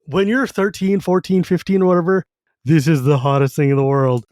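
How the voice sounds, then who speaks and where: A man's voice: on the high side, steady tone, a little fast, darkish tone, no echo, clean studio sound. A man co-hosting a podcast, enthusiastically retelling book scenes in casual chat and loosely paraphrasing the characters. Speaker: podcast co-host.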